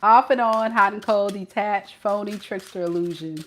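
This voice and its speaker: A woman reads tarot cards in a loose, conversational way. She is playful and chatty, slips into slang, and often sounds close to laughing. Her voice sits at an ordinary middle pitch. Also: normal speed. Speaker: tarot reader. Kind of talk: casual spoken tarot reading.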